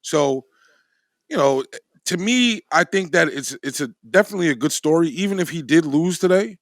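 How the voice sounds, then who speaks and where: A man co-hosting a podcast, explaining sports points in a measured, casual way. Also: on the high side, animated, no echo, studio quality. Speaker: podcast co-host.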